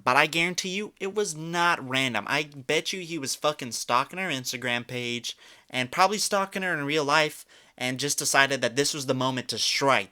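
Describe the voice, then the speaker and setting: Bright, crisp-voiced young man ranting. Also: mid-range voice. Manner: incredulous, mocking, swears a lot. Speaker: commentary YouTuber. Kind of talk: reaction commentary.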